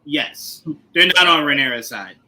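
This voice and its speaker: A man's voice: fairly high pitch, measured pace, rough recording. A man co-hosting a podcast, chatting casually about a TV show, laughing often and acting out scenes. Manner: animated, laughs often, acts out scenes in put-on voices. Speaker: podcast co-host.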